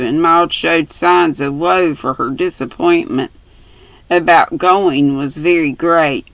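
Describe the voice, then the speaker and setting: Older lady reading a storybook aloud, slow and gravelly, dry close sound. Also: sits low, a bit bright, no room sound, rough recording. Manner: unhurried, homespun, stumbles and rereads. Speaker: storybook reader. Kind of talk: reading a classic novel aloud.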